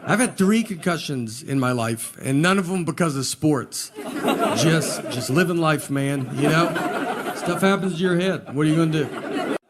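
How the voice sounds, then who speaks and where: A man in his forties tells comedy stories in a deadpan, easygoing drawl. His voice sits a little high. The live recording carries clear background noise and audience laughter. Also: normal speed, over a noisy crowd. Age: 40s. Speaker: stand-up comedian. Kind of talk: stand-up comedy set.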